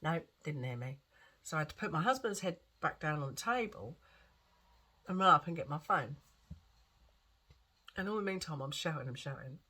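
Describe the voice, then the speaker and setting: A woman's voice: low-pitched, expressive, moderate pace, pauses often, pushed and bright, breathy edge. A woman with a lingering cough, rambling and repeating herself as she tells a story in a chatty vlog. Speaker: vlogger.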